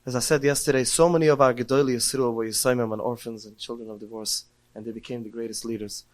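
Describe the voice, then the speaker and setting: A man's voice: mid-range voice, steady tone, fast talker. A middle-aged man giving a heartfelt Torah talk, telling stories and rising to emotional cries when quoting prayers. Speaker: podcast speaker.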